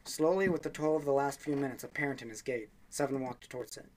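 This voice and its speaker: A man's voice: mid-range voice, quick pace, a little mellow. A young man reading a game's story text aloud for a let's play, with offhand asides and small slips.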